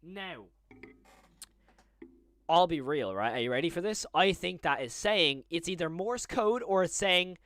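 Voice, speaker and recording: A young man chats live on stream, rambling from one thought to the next and quick to get worked up. His voice sits a bit high for a man. The sound is dry and close, with no room around it. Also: clean tone, no room sound. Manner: chatty, rambling, easily excited.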